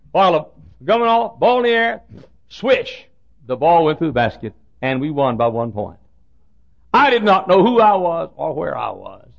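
A male pastor tells a story from the pulpit in a folksy, animated way. His voice sits high and swings widely in pitch, with a gravelly edge. The recording sounds dull and lo-fi. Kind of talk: storytelling sermon.

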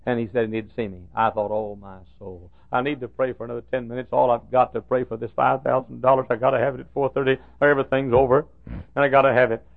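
An older man preaches with a gravelly, creaky voice. He tells folksy stories, rising to loud preaching and dropping to hushed asides. The sound is thin and tinny, like a phone line. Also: medium pitch, flat delivery, quick pace, no room sound. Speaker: pastor. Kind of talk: sermon with storytelling.

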